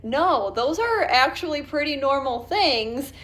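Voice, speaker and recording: A woman's voice: sits high, expressive, a little slow, a bit bright. A woman co-hosting a podcast, earnestly explaining her view in casual reaction commentary. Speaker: podcast co-host.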